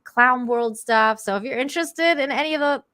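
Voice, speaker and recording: A woman's voice: high-pitched, normal speed, bright, forceful tone, dry recording, clean studio sound. A woman from Canada, a guest on a talk stream, chatting casually and rambling with many restarts. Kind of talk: casual chat.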